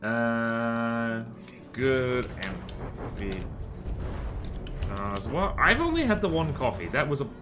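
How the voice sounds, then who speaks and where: A man's voice: mid-range voice, sing-song, slow pace, music in the background. A man streaming a game live, chatting casually in a rambling, self-mocking and jokey way. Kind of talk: casual live-stream chat while playing.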